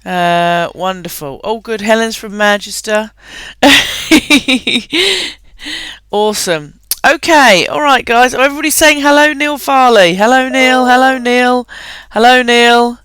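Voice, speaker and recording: A woman runs a live webinar in a chatty, upbeat voice, laughing often and filling gaps with ums. Her tone is bright and crisp, and the recording is dry and close. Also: fairly high pitch, unhurried, no room sound. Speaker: webinar host. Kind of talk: live online webinar presentation.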